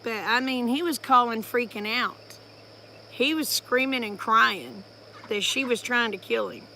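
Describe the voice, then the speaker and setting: A woman's voice: fairly high pitch, unhurried, pushed and bright, a little hiss or hum. A woman, casually telling a family story to her live-stream viewers and breaking off to greet them. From Oklahoma, USA.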